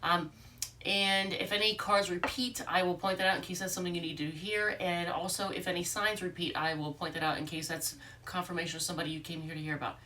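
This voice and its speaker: A woman's voice: lowish voice, fairly even intonation, fast, sharp tone, recorded from a distance, slight background noise. A congested woman giving a casual, rambling tarot reading, full of fillers and restarts. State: congested from allergies. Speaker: tarot reader.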